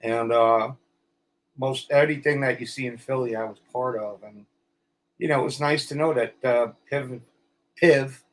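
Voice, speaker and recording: A middle-aged man, an actor guest telling stories in a casual interview, blunt and animated. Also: mid-range voice, normal speed.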